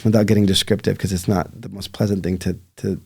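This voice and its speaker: A man, a podcast guest and life coach, earnestly recounting a hard personal loss with reflective pauses. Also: deep voice, flat delivery, gravelly, a little mellow, slightly rough. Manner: earnest, reflective, many fillers. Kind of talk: emotional personal storytelling.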